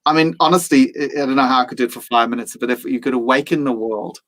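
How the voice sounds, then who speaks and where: A man's voice: medium pitch, fast talker, fairly bright tone, low-quality recording. A man speaking as a podcast guest, reflective and earnest, sometimes acting out his own inner voice. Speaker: mindfulness teacher and guest.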